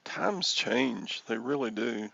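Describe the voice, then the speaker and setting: A man's voice: mid-range voice, animated, slow pace, vocal fry, sharp tone, dry recording, highs cut off. A man in his sixties hosting a reseller livestream, rambling and joking as he answers chat comments. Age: 60s.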